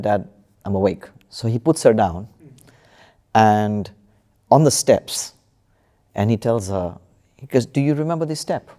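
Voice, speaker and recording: A man telling a story in a relaxed spiritual panel discussion, with plenty of fillers and restarts. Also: fairly low pitch. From United Kingdom. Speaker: panel speaker.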